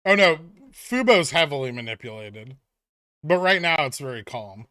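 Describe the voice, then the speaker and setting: A man chatting casually on a trading livestream, with a fairly high, bright and forceful voice. He rambles loosely, dropping dry sarcastic jokes and filler words. The sound is close and dry, with no room echo. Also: very animated, normal speed. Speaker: streamer host of a stock trading livestream.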